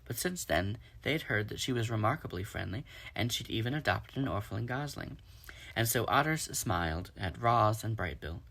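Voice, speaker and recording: A man reading a children's storybook aloud in steady storytelling. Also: on the low side, moderate pace, gravelly. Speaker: reader.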